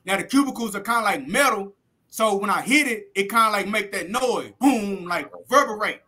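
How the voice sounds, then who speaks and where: A man recounting a tale in a casual interview, his voice strikingly high and bright. He talks in loose street slang with plenty of cursing and plays out each scene as he goes. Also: lively intonation, a little fast. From Texas. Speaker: interview guest recounting prison life.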